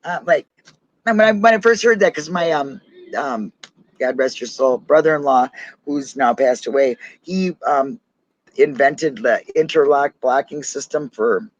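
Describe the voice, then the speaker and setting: A man with a Minnesotan accent in casual podcast chat, chatty, talking fast and laughing often. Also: medium pitch, dull audio. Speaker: podcast co-host.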